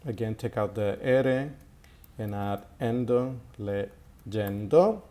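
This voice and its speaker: A man teaching an Italian grammar lesson in a slow, halting way, with many fillers and repeated words. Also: mid-range voice, fairly even intonation, warm tone. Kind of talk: recorded language lesson.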